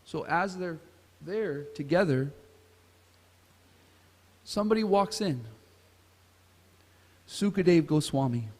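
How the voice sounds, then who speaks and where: Male class speaker, somewhat high voice, storytelling scripture class, long hall reverb. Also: expressive, takes it slowly, long pauses, darkish tone. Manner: asks the audience questions. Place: temple hall.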